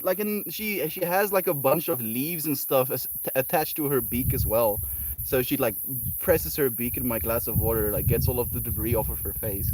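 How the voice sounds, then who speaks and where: A man hosting a casual livestream, chatting with viewers in a rambling, animated way and swearing now and then. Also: mid-range voice, normal speed, rough recording. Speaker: livestream host. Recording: steady outdoor noise with insects.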